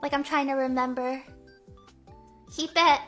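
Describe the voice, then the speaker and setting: Young woman streamer, high and sharp-toned, Valley-girl rambling with lots of "um" and "like". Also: fairly even intonation, unhurried, faint music behind. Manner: rambling, filler-heavy, Valley-girl talk; stammering, repeating phrases. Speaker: VTuber streamer. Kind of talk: casual livestream chat.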